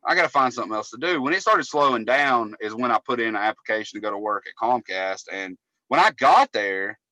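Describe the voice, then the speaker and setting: A man's voice: mid-range voice, lively intonation, brisk, sharp tone, no room sound, poor audio. A man, co-hosting a casual podcast and telling long, profane stories. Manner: profane, rambling storyteller. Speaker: podcast co-host, cable technician.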